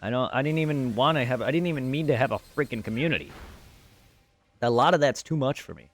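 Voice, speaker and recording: A man's voice: medium pitch, expressive, fast talker. Frustrated male streamer venting to chat. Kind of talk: live stream chat to viewers.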